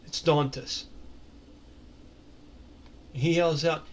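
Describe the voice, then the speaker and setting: Male game master, slightly high voice, relaxed descriptive narration, casual swearing. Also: moderate pace.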